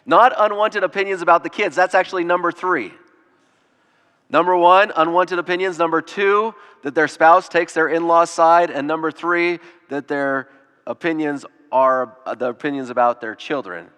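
Brief: male pastor, slightly high voice, easygoing sermon delivery in a reverberant church hall. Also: normal speed, sharp tone, clear, resonant tone. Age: adult with children. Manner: conversational preaching with acted-out quotes.

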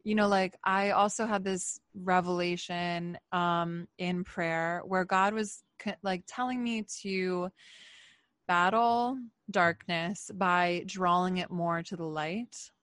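A woman's voice: lowish voice, fairly even intonation, takes it slowly, fairly bright tone, clean tone, dry recording, studio quality. A woman talking candidly and emphatically in a casual conversation, with many filler "likes". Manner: candid, emphatic, faith-focused talk with frequent "like".

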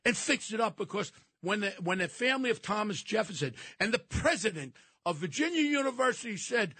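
A man calling in by phone as a regular guest on a talk radio show, ranting with passion and often shouting. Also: sits high, sing-song, a little fast, husky, no echo. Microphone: telephone.

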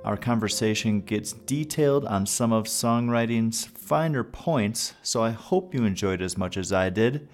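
A man with a lowish voice hosts a music podcast, chatting loosely and circling back on his words. Faint music sits under him. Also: unhurried, hardly any pauses. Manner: chatty, rambling with restarts. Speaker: podcast host. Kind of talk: casual interview chat.

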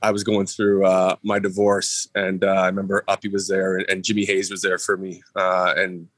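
A man who is a former teammate, sharing a heartfelt remembrance in a halting way, with many pauses and fillers. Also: low-pitched, completely flat delivery, a bit bright, no room sound. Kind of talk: personal remembrance.

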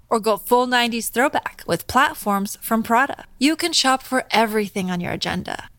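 A woman reading a scripted ad in a smooth, upbeat promotional delivery. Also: fairly high pitch, a bit bright, no room sound. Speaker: ad reader. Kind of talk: scripted ad read.

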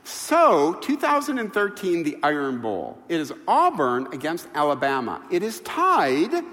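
Animated preacher in a reverberant hall. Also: male voice, a little high, measured pace. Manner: animated, emphatic storytelling with rhetorical questions. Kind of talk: sermon.

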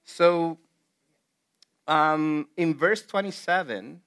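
A non-native English-speaking man leads a casual group Bible study, sounding earnest and emphatic, with lots of fillers and restarts. His voice is a little high, smooth and a bit bright, and he speaks very slowly.

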